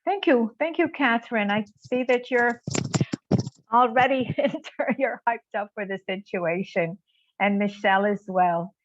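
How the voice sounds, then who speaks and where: A woman's voice: a little high, measured pace, no room sound. A woman teaches caregivers over a video call, speaking in an earnest, encouraging way and leaning on "you know" as she thinks aloud. The audio sounds dry and dull, with muffled lo-fi tone. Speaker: trainer leading an online caregiver course. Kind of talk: live online workshop talk.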